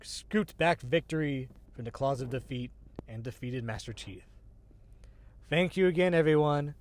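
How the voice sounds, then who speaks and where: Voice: mid-range voice, moderate pace, slight background noise. Agender streamer with a mid-range voice, laughing. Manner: rambling, laughs often, swears casually; self-deprecating, restarts sentences. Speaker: streamer, show host. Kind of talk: casual livestream chat.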